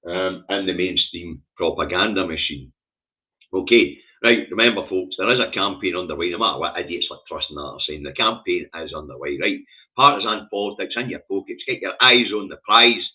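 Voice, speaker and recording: A man's voice: sits low, expressive, a little fast. A Scottish man hosting a news review stream, reading headlines and ranting about them with scorn and heavy swearing. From Scotland. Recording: tinny phone-like audio.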